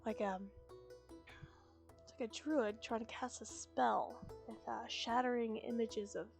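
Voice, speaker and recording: Croaky-voiced woman chatting on stream. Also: on the high side, fairly even intonation, unhurried. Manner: chatty, rambling, upbeat. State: slightly croaky voice. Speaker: streamer reading a book aloud. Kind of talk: casual stream chat. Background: fantasy music playing faintly.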